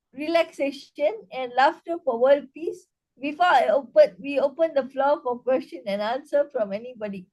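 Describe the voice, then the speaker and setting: A woman, a laughter yoga teacher leading a session, breaking into loud rhythmic laughter and cheers. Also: sits high, low-quality recording. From Malaysia.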